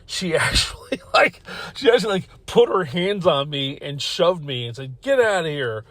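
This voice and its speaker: A man tells a rambling story from his own life, swearing freely and tripping over his own sentences as he goes. His voice sits a bit high for a man. The sound is dry and close, with no room echo. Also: animated, normal speed, fairly bright tone. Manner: rambling, profane, self-interrupting, laughs while telling. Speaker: podcast host. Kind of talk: casual storytelling.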